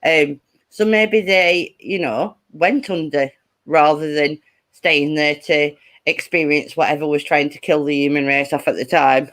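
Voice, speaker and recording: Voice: medium pitch, a little slow. A speaker with a Lancashire accent from northwest England, telling a story as a guest in a casual chat. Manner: lively anecdote-telling, many fillers.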